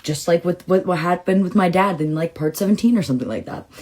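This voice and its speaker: Talking fast, this Southern California woman shares a personal tale as a storytime vlogger, emotional and rambling with constant "like"s. Every so often she bursts into an excited, high-pitched retelling of events in her casual monologue.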